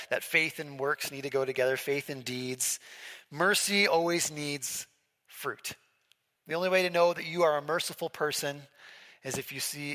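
A man's voice: on the high side, bright, forceful tone. A man preaching a sermon as pastor, in a chatty way, often asking his listeners questions. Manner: conversational, asks the congregation questions. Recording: echoey hall with long reverb.

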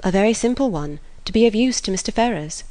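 A woman reading the part of a calm, sensible young woman who reasons firmly. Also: mid-range voice, pitched above the performer's own voice, close to an everyday voice. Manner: calm, measured.

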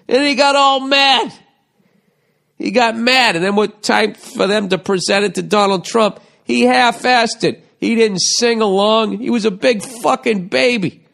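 A man's voice: sits high, creaky, a bit bright. A man hosting a casual comedic monologue, reading a listener's letter and answering in a blunt, profane, ranting way. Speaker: podcast host giving advice.

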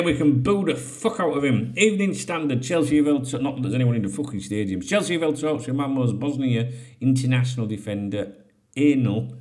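A man's voice: medium pitch, a bit bright. A man hosting a casual solo podcast. He reads out headlines and breaks in with sweary, jokey asides. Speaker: podcast host.

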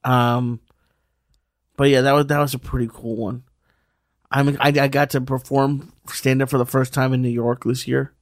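A young adult man co-hosting a podcast, talking casually in a hesitant, halting way. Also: medium pitch, level tone, no room sound, clean studio sound. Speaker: podcast co-host. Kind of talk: casual chat.

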